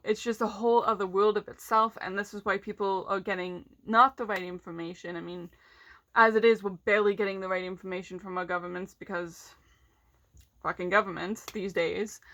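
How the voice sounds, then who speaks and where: A woman's voice: medium pitch, a bit bright. A woman vlogger ranting casually and bluntly, swearing heavily and sounding frustrated.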